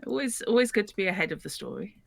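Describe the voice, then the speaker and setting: A woman's voice: mid-range voice, big pitch swings, fast talker, creaky, dry recording. A woman playing a tabletop game, reasoning thoughtfully aloud. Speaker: player. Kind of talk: tabletop role-play chat.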